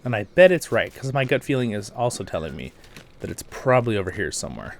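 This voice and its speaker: Rambling, lively man chatting over gameplay. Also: on the low side, fast talker, vocal fry. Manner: rambling and chatty, often laughing; lively, swings from quiet asides to loud bursts. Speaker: host of a game voice-over channel. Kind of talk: casual chat while playing a game.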